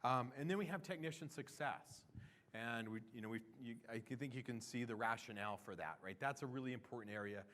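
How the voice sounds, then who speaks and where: A man of ordinary pitch talks through a product roadmap at a conference session. He keeps it loose and chatty, trailing off and restarting sentences. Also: fairly quick, fairly bright tone. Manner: conversational, with fillers and restarts. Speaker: product presenter. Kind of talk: conference talk.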